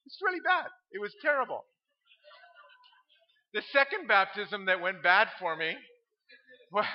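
A middle-aged man who is a pastor, telling funny stories from the pulpit in an animated way and laughing at his own tales. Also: sits high. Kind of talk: humorous sermon storytelling. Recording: dull lo-fi sound.

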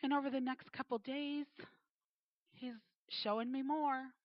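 Woman, 40s, earnest testimony teller, a bit high, muffled dry audio. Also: steady tone, a little slow, no room sound. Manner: earnest, acts out quoted voices. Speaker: speaker giving a faith testimony. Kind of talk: personal testimony storytelling. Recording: dull, slightly muffled dry sound.

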